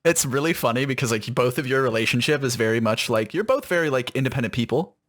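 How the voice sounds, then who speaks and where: A man's voice: medium pitch, fast, fairly bright tone. A young man co-hosting a podcast from home over a voice call, laughing often and swearing casually. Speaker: podcast co-host. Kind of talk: casual chat. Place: home room, remote call. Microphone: voice call over internet.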